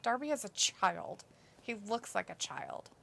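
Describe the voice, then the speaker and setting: Co-hosting a wrestling watch-along live stream, a woman chats casually and bluntly dismisses viewer comments as she reads them aloud. Her voice is a little high, animated, and a little slow, with vocal fry and a sharp tone.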